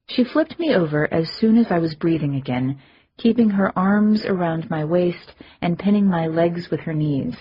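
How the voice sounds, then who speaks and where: A woman reads a fantasy novel aloud in a measured, dramatic first-person narration. Her voice is low and very husky, and she reads slowly. The recording sounds slightly muffled and lo-fi. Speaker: audiobook narrator.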